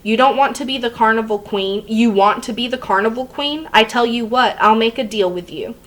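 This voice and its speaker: A woman's voice: a little high, a little fast, a bit bright, close to an everyday voice. A woman reading aloud the lines of a stern, angry father who lectures his daughter, in a plain reading voice. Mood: scolding. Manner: scolding, read plainly.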